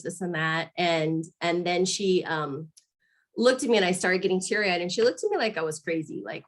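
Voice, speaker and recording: A woman's voice: mid-range voice, animated, moderate pace. A woman in her thirties from Arizona, candidly telling a personal story in an interview, laughing now and then and acting out what people said. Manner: candid, laughs often, acts out quoted voices. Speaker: guest mother.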